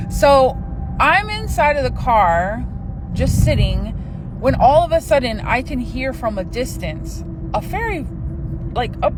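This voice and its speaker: A young woman casually telling a spooky personal story, animated and profane. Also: fairly high pitch, noisy background.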